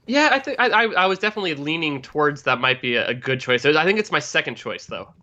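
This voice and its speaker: Man, podcast co-host, hesitant, tense bright voice, dull lo-fi sound. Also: a little high, animated, fast. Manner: hesitant, restarts often. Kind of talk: casual live podcast chat.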